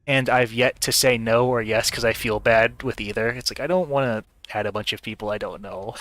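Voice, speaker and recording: A man's voice: mid-range voice, steady tone, fairly quick, fairly bright tone, dry recording. A man streaming live gameplay, talking casually and rambling with many restarts and frequent laughter. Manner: rambling, stammering, laughing often.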